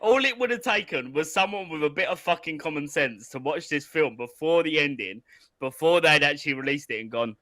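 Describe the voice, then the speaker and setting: A man's voice: a little high, expressive, brisk, bright, forceful tone, no echo. A man co-hosting a podcast, chatting casually, swearing and laughing a lot as he acts out quotes. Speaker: podcast co-host. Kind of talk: casual chat, movie review.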